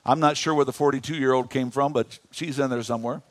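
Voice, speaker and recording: A man in his fifties preaching a sermon in a church, animated, asking the congregation questions. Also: medium pitch, fast talker, no room sound. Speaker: pastor.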